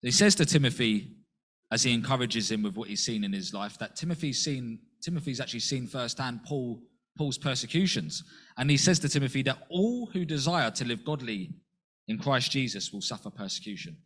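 A man preaching a sermon in an earnest way, asking rhetorical questions and jumping up in pitch to act out quotes. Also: lively intonation, fairly quick, fairly bright tone.

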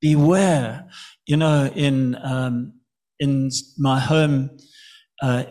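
A man's voice: mid-range voice, little pitch movement, extremely slow, a little mellow. A man from Zimbabwe, preaching an earnest sermon and often repeating words for emphasis.

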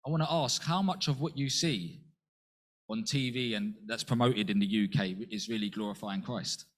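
A man preaching a sermon in an earnest way, asking rhetorical questions and jumping up in pitch to act out quotes. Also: normal speed.

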